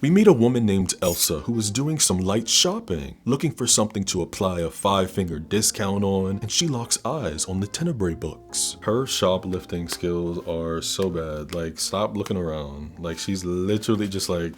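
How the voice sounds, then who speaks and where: Slangy, low-voiced man recapping a film. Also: lively intonation, normal speed, few pauses, soft background music. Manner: slangy, joking asides; mimics characters in mocking voices. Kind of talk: casual film recap commentary.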